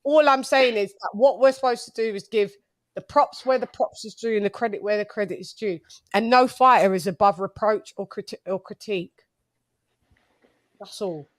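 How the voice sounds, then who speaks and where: A woman's voice: medium pitch, normal speed, dry recording, studio quality. A woman hosting a call-in boxing show, talking emphatically in slang and repeating her points for effect. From England. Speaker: host.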